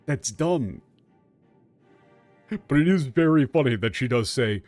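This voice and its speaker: Slow, halting male game streamer. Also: mid-range voice, lively intonation, darkish tone, soft background music. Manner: halting, many restarts, casual swearing. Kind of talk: live gameplay commentary.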